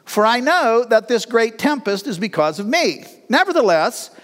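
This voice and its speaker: This middle-aged pastor speaks at normal speed in a high, bouncy voice that rises and falls as he preaches. His delivery is folksy and lively, with laughter slipped in between lines, all wrapped in a long hall reverb.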